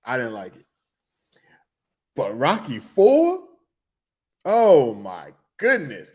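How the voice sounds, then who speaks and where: Slangy, animated man telling a story. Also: mid-range voice, slow. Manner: animated, humming tunes and acting out reactions; loose slangy speech with restarts and laughs. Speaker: podcast host. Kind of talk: casual storytelling.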